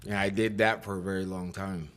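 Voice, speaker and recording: Man, very deep voice, podcast guest, casual, slangy, swears a lot. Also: level tone, brisk, fairly bright tone. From Inland Empire, California. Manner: rough, street-slang speech with frequent swearing and "bro". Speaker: podcast guest sharing his recovery story. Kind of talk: casual conversation.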